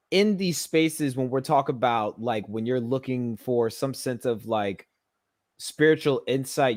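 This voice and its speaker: Guy hosting a podcast, kinda emphatic, questions ramble on with lots of ums. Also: medium pitch. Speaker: podcast host. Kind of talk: casual podcast conversation.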